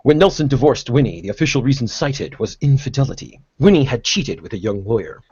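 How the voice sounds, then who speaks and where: A man's voice: medium pitch, sing-song, a little fast, darkish tone, breathy edge, no echo, dull audio. A man reading an article aloud on a podcast, breaking off for sarcastic comments. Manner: sarcastic, stops to comment and laugh. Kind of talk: reading aloud with mocking asides.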